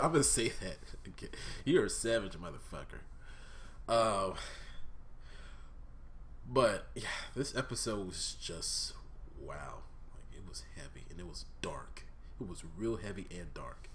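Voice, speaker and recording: A young man with a voice on the low side hosts his own vlog, reviewing a cartoon episode in a casual, profane way. He swings between loud outbursts and subdued talk.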